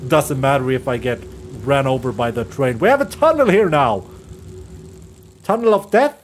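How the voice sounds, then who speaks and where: A man's voice: mid-range voice, expressive, moderate pace, slight background noise. A man commentating a horror game as he plays, nervous and jittery, swearing and laughing to himself and his viewers. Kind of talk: let's play commentary.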